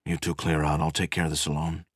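A man voicing a tense, protective man in a story, speaking in low, clipped replies. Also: a little slow, slightly rough, no echo, clean studio sound, full character voice.

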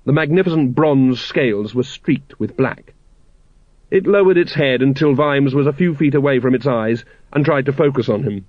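A man narrating an audiobook in an expressive, character-driven reading. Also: medium pitch, normal speed, dry recording. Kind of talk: scripted narration. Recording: dull, lo-fi audiobook recording.

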